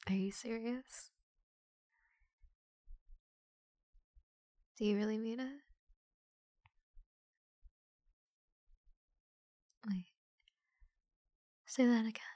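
A woman voicing a shy young woman who nervously confesses her love to a close friend, in a soft, halting whispered role-play with giggles. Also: medium pitch, steady tone, dry recording. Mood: flustered.

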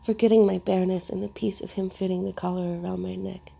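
Gravelly, husky woman narrating softly. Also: on the low side, level tone, fast. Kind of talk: first-person story narration.

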